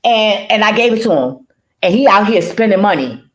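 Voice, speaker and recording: A woman's voice: medium pitch, expressive, moderate pace. A woman reaction vlogger talking casually, profane, emphatic and rambling. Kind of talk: casual livestream rant.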